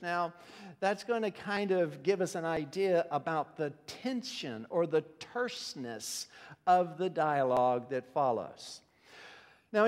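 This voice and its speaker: A man preaching a sermon as pastor, teaching in a conversational way with frequent restarts. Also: fairly high pitch. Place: church sanctuary. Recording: long reverb of a church hall.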